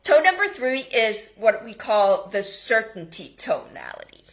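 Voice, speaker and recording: A woman giving an energetic homeschooling lesson, speaking emphatically and now and then dropping to a whisper. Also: on the high side, a little slow. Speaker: homeschooling teacher. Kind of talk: instructional talk.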